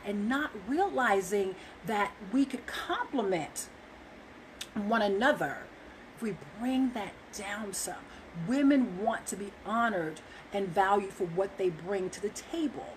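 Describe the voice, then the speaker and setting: A woman's voice: medium pitch, expressive, measured pace, a little hiss or hum, poor audio. A woman talking earnestly to viewers about relationships, emphatic and loose, with frequent fillers. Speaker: relationship speaker. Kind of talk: casual monologue to viewers.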